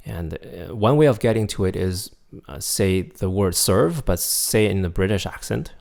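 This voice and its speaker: A man teaching a recorded pronunciation lesson, drilling syllables clearly and patiently checking in with his students. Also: lowish voice, moderate pace. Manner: patient, checks in often with "right?" and "okay?". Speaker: language teacher.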